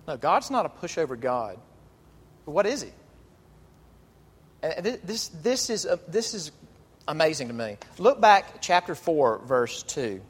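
A male pastor delivering an animated, emphatic sermon, drawing out key phrases. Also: medium pitch. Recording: long reverb of a large hall.

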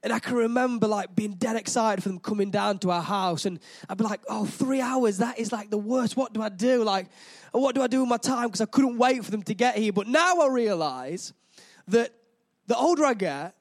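High-voiced chatty young preacher man. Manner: lively, chatty and self-deprecating with the congregation. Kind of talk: sermon.

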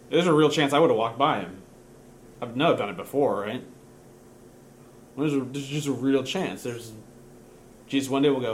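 Self-mocking casual pastor telling a story. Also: male voice, medium pitch, a little hiss or hum. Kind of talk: sermon storytelling.

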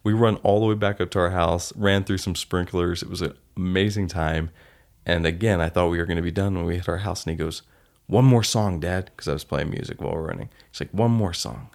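Deep gravelly man telling heartfelt stories. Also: steady tone, fast talker. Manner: earnest, heartfelt storytelling. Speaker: podcast host. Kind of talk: solo podcast reflection.

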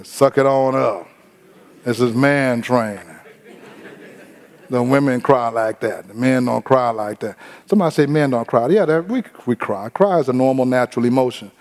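A man preaching a sermon in a lively, humorous way, acting out other people's voices now and then. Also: mid-range voice, moderate pace. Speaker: pastor.

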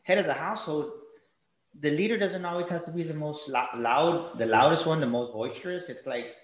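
Animated man telling stories, echoey room. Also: on the high side, a little fast. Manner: animated storyteller acting out quoted voices. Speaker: guest, author and father. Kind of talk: casual podcast conversation.

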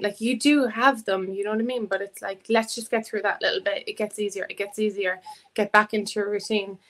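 A woman's voice: medium pitch, fairly even intonation, a little fast, a bit bright. A woman chatting casually as a podcast guest, laughing often and acting out what people said. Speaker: fitness academy student, guest.

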